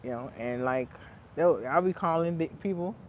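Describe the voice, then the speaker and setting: A man with a slightly high voice tells a story at a moderate pace, with a little background noise behind him. He's a vlogger on a casual, profane rant, animated and breaking into laughs between lines.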